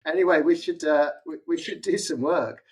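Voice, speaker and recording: Husky man, wry and meandering. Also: fairly high pitch, moderate pace, low-quality recording. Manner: wry, meandering, self-correcting. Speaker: podcast co-host. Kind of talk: medical podcast discussion.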